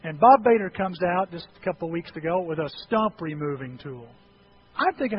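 A high-voiced middle-aged man preaching a sermon, telling animated stories and joking about himself. His voice swings up into sharp peaks when he makes a point. The recording is dull and carries a faint hiss. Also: fairly quick. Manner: animated storytelling, self-deprecating humor. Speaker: pastor. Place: church sanctuary.

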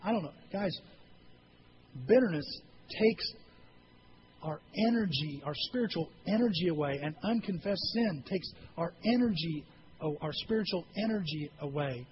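A man's voice: high-pitched, expressive, normal speed, dull audio, background noise. A male pastor preaching a sermon in a church, earnest and conversational, with frequent rhetorical questions.

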